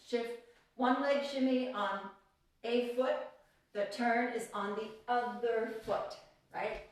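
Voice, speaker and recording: Cheerful woman counting dance beats. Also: fairly high pitch. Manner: counting beats aloud while demonstrating; chatty, cheerful, greets students by name. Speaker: belly dance teacher. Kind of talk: live online dance class instruction. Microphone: phone camera away from her. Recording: echoey room, voice from a distance, music faint behind.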